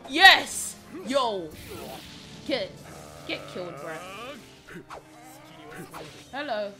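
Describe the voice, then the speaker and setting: A young man giving profane, excitable trash-talk commentary over his gameplay, breaking into sudden shouts. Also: extremely high pitch, very slow. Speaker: gaming channel host. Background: game music.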